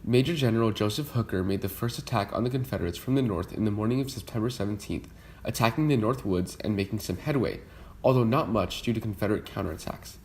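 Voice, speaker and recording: A young man imitating an upbeat male online history video host, lecturing briskly and cheerily. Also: on the low side, a little mellow, lightly acted.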